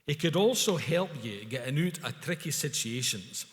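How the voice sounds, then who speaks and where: A man's voice: mid-range voice, moderate pace. Scottish man telling a story in a hall. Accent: Scottish, Scots dialect. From Scotland. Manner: broad Scots words, lively storytelling. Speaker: speaker at a culture event. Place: event hall.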